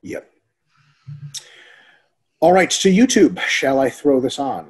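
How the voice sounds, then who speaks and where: A man co-hosting a fitness webinar in casual chat, animated and profane, acting out quoted people as he tells stories. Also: medium pitch, takes it slowly, slightly rough. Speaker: webinar co-host.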